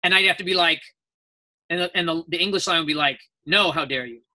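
A man talks as a guest voice actor in a relaxed interview. His voice is bright and forceful. He rambles through anecdotes and acts out the people he quotes. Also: a little high, fast talker. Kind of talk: casual interview storytelling.

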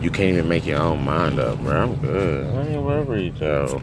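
A man crying and ranting in anger and hurt, swinging between yelling and low muttering, recorded outdoors near traffic. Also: expressive, normal speed. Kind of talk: emotional rant to camera.

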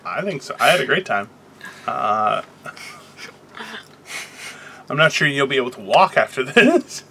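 A man's voice: mid-range voice, very animated, unhurried, gravelly, pushed and bright, a little hiss or hum. A man hosting a casual chat show from a car, joking, rambling and swearing freely. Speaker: podcast host.

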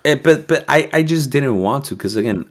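A man's voice: medium pitch, normal speed. A young man telling a story as a podcast guest, casual and profane, acting out the voices of the people in it. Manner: profane, animated, acts out quoted voices.

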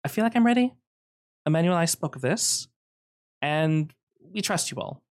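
Guy doing a high jumpy young wife, nervous chatter, jokey. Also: animated, moderate pace, close to an everyday voice. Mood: jittery. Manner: jittery, jokey, high-pitched.

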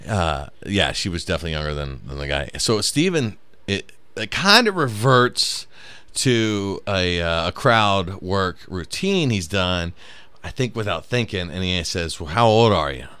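A man's voice: low voice, sing-song, measured pace, pushed and bright, clean tone, no echo. A man casually telling a funny road story on a podcast, laughing through the punchlines.

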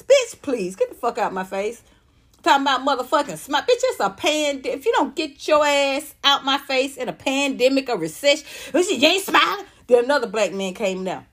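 A woman's voice: high voice, big pitch swings, moderate pace, a bit bright. A woman in her fifties, a comedian, ranting to viewers on a livestream, profane, repetitive and fired up. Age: 50s.

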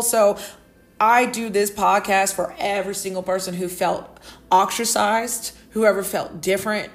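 A woman's voice: medium pitch, steady tone, moderate pace. A woman talks alone on her podcast, earnest and heartfelt. Her speech rambles and is full of fillers. She is close to tears while also laughing. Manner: emotional, tearful and laughing at once. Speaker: podcast host. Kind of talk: solo podcast monologue.

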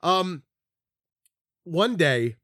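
A middle-aged man from the Philadelphia area rambles through a story on a podcast, restarting sentences and swearing freely. His voice sits high and swings widely in pitch, lively and animated. The sound is close and dry, with no room echo. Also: very slow. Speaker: podcast co-host. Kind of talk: casual chat.

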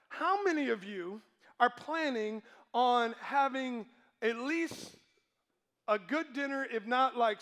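A man's voice: very high voice, a bit bright. A male pastor preaching a sermon to his congregation, emphatic and asking them questions.

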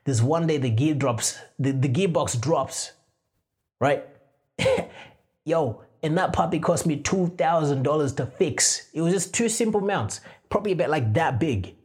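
Slangy, animated man with a husky voice. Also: on the high side, moderate pace. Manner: animated, slangy, acts out his own quotes with sound effects. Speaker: podcast host. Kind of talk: casual storytelling monologue.

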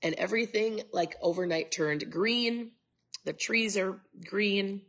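A woman's voice: mid-range voice, takes it slowly, a bit bright. A middle-aged woman from Minnesota hosting a casual live stream, chatting with viewers, greeting them by name and wandering into asides, with a stuffed-up nose. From Minnesota, USA. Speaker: host.

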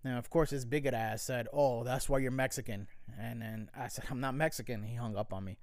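Casual male storyteller from the US, smooth and resonant, dry close sound, swears a lot and wanders off on tangents. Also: mid-range voice, steady tone, fairly quick, darkish tone, no echo. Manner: rambling, profane, wry.

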